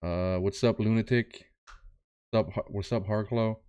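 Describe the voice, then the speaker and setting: A young man talks loosely to his stream chat in a fairly low voice. He rambles, restarts his sentences and greets viewers by name as he settles in. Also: steady tone, moderate pace, a little mellow, clear, resonant tone. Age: young adult. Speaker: streamer reacting to videos. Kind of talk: casual live-stream chat.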